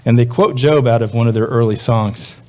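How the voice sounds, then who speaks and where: A man preaching a sermon as a pastor, talking in a loose, conversational way and putting on quick voices for the people he quotes. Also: dark tone. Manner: conversational, voices quoted speakers with jumps in pitch.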